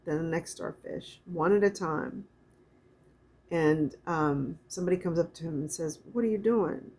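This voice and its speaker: Middle-aged lady doing a chill oracle card reading, lowish husky voice, soft and rambly. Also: fairly even intonation. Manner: soft, meandering, reads card texts aloud slowly. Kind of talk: spiritual card reading, casual chat.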